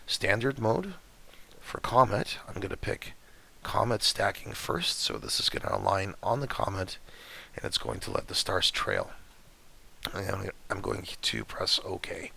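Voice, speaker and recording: A man with a low, heavily gravelly voice that keeps cutting out, talking through a screen-recorded tutorial. His tone is bright and edgy despite the rasp, and he explains each click in a casual, chatty way with plenty of fillers. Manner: relaxed, chatty, step-by-step with fillers. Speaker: astrophotography tutorial maker. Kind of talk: screen-recorded software walkthrough.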